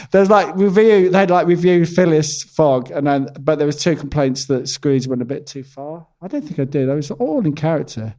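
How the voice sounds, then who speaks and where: A man's voice: on the high side, moderate pace, dark tone. A man hosting a casual podcast chat while painting, teasing his guest with dry humour. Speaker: podcast host and portrait painter. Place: venue in a bar.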